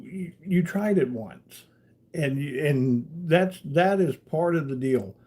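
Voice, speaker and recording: A man in the middle of his pitch range chats loosely on a live stream. He greets viewers and reads their comments aloud, then drifts into long, meandering anecdotes with many "you know"s. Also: warm tone. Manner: rambling storyteller, leans on "you know". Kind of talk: casual live-stream chat.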